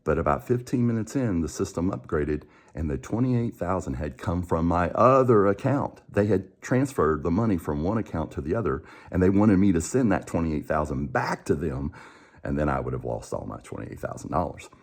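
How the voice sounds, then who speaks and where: A man's voice: deep voice, lively intonation, moderate pace, a little mellow. A man who coaches and hosts a show tells a personal story in a conversational way, acting out the dialogue and often restarting his sentences.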